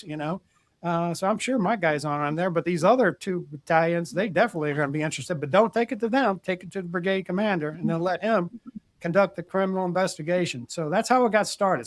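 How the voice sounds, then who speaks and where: An older man recounts his army days in a casual, plainspoken way, often repeating words as he restarts a sentence. His voice sits fairly high for a man. The sound is close and dry, with no room echo. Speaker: retired army general, podcast guest. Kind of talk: casual storytelling interview.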